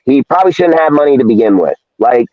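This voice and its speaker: A man's voice: mid-range voice, big pitch swings, quick pace, a crowd in the background. A man ranting bluntly about pro football pay on a live sports talk show, heavy with profanity and emphatic repeats. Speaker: podcast co-host. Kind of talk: heated sports talk rant. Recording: thin phone-like call audio, dry.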